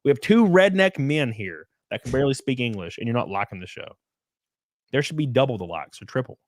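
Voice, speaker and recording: A man from Alabama with a Southern accent, hosting a casual livestream chat with crude jokes and shout-outs to the chat. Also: medium pitch, sing-song, a little fast, no room sound, clean studio sound. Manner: crude, joking, calls out chat by name. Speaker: podcast host.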